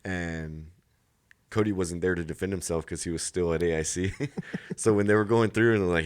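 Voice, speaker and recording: A man's voice: deep voice, steady tone, a little fast, smooth. A man in his thirties, a Marine guest on a podcast, telling rambling service anecdotes with frequent restarts and laughing at his own stories. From United States. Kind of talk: casual storytelling interview.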